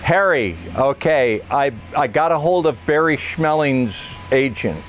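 A male host in a casual comedic talk, chatty and low-key. His voice sits at an average pitch, with faint background noise. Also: animated, unhurried.

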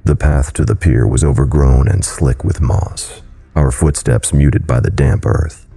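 A man narrating a horror story in a scripted reading style, with a deep, gravelly voice. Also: a little slow, dark tone, soft background music.

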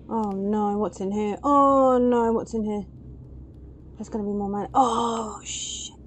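A woman giving gaming commentary, excitably urging her character on and yelping at scares. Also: medium pitch, a little slow, pauses often, a little hiss or hum. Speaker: let's play gamer.

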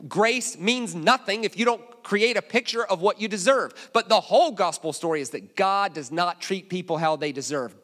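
A man preaching a sermon in a church, telling humorous stories and dropping suddenly to hushed asides. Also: high voice, expressive, normal speed, hardly any pauses. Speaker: guest preacher. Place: church auditorium.

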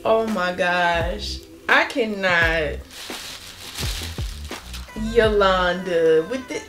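A young woman gushing excitedly as she opens baby shower gifts in a casual vlog. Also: medium pitch, takes it slowly, pauses often, over music. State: pregnant. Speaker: family vlogger opening baby shower gifts.

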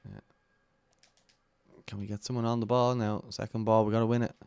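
A man's voice: fairly low pitch, flat delivery, brisk, darkish tone, smooth, no echo. An Irish man commentating his own football video game match live, anxiously urging his players on.

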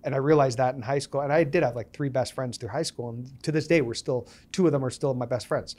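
A man's voice: mid-range voice, fast talker. A man in his thirties, a podcast guest, telling stories and acting out the dialogue in them. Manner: animated storyteller acting out quoted dialogue. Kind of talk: storytelling interview.

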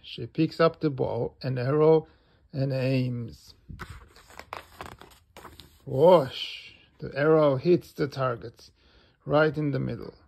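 Male storybook reader, slow and gravelly, animated. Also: medium pitch. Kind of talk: children's book reading.

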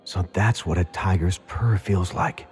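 A man voicing a ten-year-old boy who speaks quietly and firmly, as if entranced. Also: deep voice, measured pace, soft background music.

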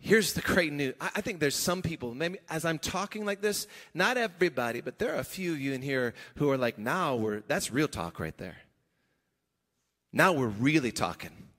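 A man's voice: a little high, very animated, moderate pace, fairly bright tone, big-room sound. A male pastor preaching a sermon, talking in a conversational, emphatic way with chuckles and restarts, in a church sanctuary.

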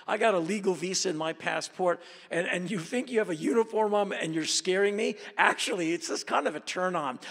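A man spins travel tales in an animated, emphatic monologue, his voice gravelly and set a little high for a man. He swings from quiet asides to sudden shouted bursts. A long reverb from a large hall trails after each phrase. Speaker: speaker telling travel stories.

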